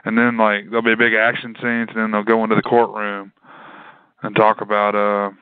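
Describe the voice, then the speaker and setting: A relaxed man chatting about films, easygoing and laughing often. His voice is smooth and clear at a middle pitch. It comes through dry and narrow, like a phone call. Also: normal speed, dry recording. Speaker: podcast co-host. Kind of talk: casual movie chat. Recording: dry, phone-like band-limited sound.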